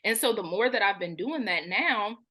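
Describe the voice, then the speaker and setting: A woman's voice: mid-range voice, expressive, moderate pace, pushed and bright. A woman in her thirties, a therapist and spiritual coach, telling her story in a frank, colloquial way and animating the thoughts she quotes. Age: 30s. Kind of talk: candid personal storytelling.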